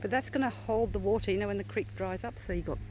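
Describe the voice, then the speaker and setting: A woman's voice: mid-range voice, fast talker, a little mellow, rough recording. An Australian woman co-hosting a walking vlog, chatting and explaining local history in a matter-of-fact way outdoors. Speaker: vlog co-host and walk guide. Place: outdoors on a creekside park trail. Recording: outdoor recording with clear background noise.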